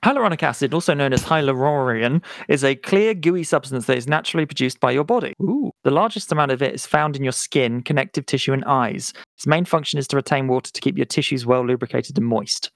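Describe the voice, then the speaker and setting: A man's voice: mid-range voice, quick pace, creaky, few pauses, no echo. A man from the UK co-hosting a casual podcast, playful and tripping over hard words. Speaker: podcast co-host. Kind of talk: casual chat.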